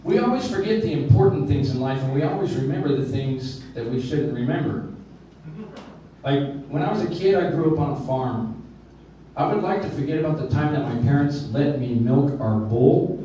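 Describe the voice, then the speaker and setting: A man's voice: medium pitch, expressive, normal speed, warm tone, recorded from a distance, a little hiss or hum. A man doing a stand-up comedy set, telling self-mocking stories in a dry way on a club stage. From Arizona. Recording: very echoey room, heard from afar.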